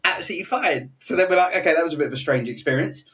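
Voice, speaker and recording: A young British man telling funny stories in a relaxed chat, laughing and acting out what people said. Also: on the high side, racing. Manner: chatty, laughing storyteller, full of fillers and quoted voices. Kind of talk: casual anecdote telling. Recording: voice a bit distant from the mic.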